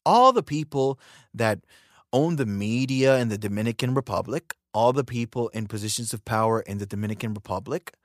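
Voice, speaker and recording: An American man hosting a podcast in a casual ranting monologue, animated and emphatic, repeating words for emphasis. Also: mid-range voice, no echo, clean studio sound. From United States. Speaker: podcast host.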